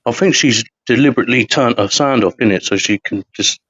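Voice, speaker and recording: A man's voice: medium pitch, fairly bright tone, breathy edge, no echo. A man co-hosting a casual live podcast, joking and firing off teasing questions. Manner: teasing, jokey, quick questions. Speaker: podcast co-host. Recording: slightly dull lo-fi audio.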